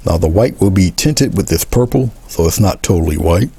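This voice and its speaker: A man teaching a painting demonstration, talking relaxed as he paints, repeating short coaching phrases and often trailing off into a murmur. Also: low-pitched, normal speed, gravelly, slight background noise. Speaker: art instructor.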